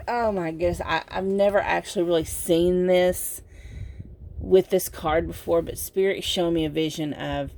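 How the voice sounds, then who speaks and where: A sleepy woman giving a casual pick-a-card tarot reading, talking in a slow, meandering way with lots of fillers. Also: on the low side, gravelly, darkish tone. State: sleepy, yawning. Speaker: tarot reader.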